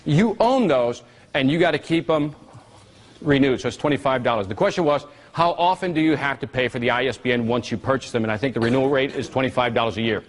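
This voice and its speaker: A man giving a live marketing seminar, animated and teasing, drawing call-and-response from his audience. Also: medium pitch, fast.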